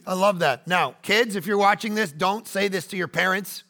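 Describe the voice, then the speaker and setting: A man in his forties preaching a sermon, animated, swinging between loud bursts and hushed asides. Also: high-pitched, moderate pace, vocal fry. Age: 40s. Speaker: pastor.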